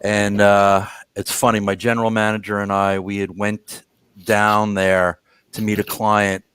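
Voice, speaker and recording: A middle-aged man with a low, smooth, resonant voice recounts memories calmly and evenly. The sound is dry and close, with no room echo. He is speaking over a video call. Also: a little slow. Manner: calm, steady recollection with frequent brief assents. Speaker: co-host on a watch show. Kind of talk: casual live-stream chat.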